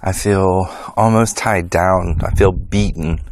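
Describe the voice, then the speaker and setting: Slow, halting deep-voiced man outdoors. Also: steady tone, creaky, a little hiss or hum. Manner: slow, halting, searching for words. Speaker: psychic. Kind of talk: recorded on-site impressions. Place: outdoors in a wooded cemetery.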